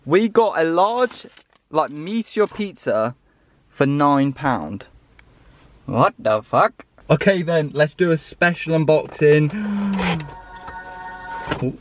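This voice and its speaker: Chatty lad vlogging from his car. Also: a little high. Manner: chatty, swears freely, talks to viewers. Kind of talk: casual vlog while driving. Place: inside a car. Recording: clear car and road noise. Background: car and road noise.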